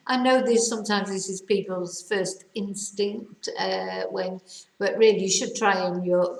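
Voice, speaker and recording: Woman, language teacher, unhurried and chatty, roomy echo. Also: mid-range voice, vocal fry. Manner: chatty, repeats phrases slowly for learners. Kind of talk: casual language lesson. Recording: echoey room.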